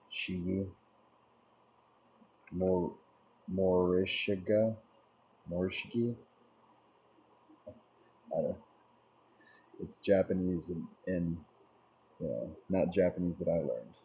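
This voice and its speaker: Laid-back male streamer, low mellow voice, answers chat aloud, dull lo-fi stream audio. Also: slow, long pauses. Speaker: live streamer. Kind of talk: casual chat reading viewer messages.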